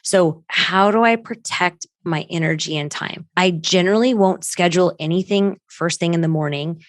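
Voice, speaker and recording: Middle-aged woman guest, low voice, dry close sound, blunt and emphatic storyteller. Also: dry recording. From United States. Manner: blunt, emphatic, quick asides, acts out quoted voices. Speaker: podcast guest, crisis consultant. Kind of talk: candid conversational interview.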